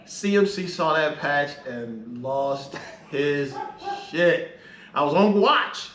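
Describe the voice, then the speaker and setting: A man's voice: a little high, lively intonation, takes it slowly, a bit bright. A middle-aged man, a retired Navy master chief, telling a story as a podcast guest. He talks casually, laughs often and swears freely. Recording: echoey room.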